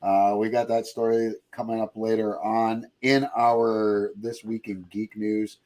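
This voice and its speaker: A man's voice: lowish voice, little pitch movement, a little mellow. Guy hosting a pop culture podcast, jokey and rambly, casual. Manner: joking, rambling, quick to laugh. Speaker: podcast host. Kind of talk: casual chat.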